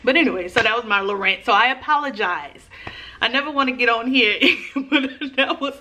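A woman vlogging casually to camera, talking in a chatty, slangy, animated way while sitting on the floor in a dim room at home. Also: a little high, fast talker, slight background noise.

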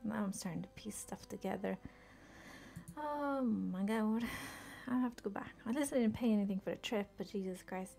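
Casual live-stream commentary comes from a young woman playing a game, who laughs a lot and mutters to herself as she chats. She speaks at normal speed in a medium pitch, her tone dark and marked by vocal fry.

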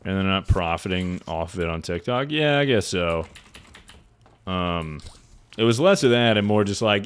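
A man's voice: low-pitched, expressive, moderate pace, clean tone. A man streaming a game while drinking, tipsy, rambling and swearing as he chats and laughs. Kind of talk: casual game-stream chatter.

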